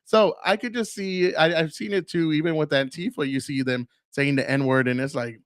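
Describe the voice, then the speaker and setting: Fairly quick with few pauses, this fairly high, slightly bright male voice hosts a casual solo podcast. He's in his forties, profane and rambling with many fillers, and has a lingering cough. The studio recording is dry.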